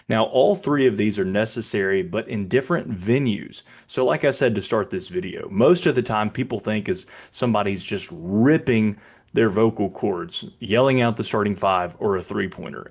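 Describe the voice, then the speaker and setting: Guy with a kinda low voice explaining announcing stuff, chatty, step by step. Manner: conversational, explains step by step with asides like "right?". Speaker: basketball public address announcer. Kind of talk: explanatory video talk.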